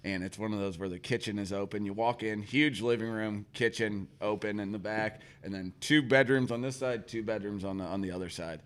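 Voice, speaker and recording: A man's voice: lowish voice, a little fast, few pauses. A man in casual podcast chat, telling a rambling, profane story and laughing often as he goes. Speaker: podcast co-host.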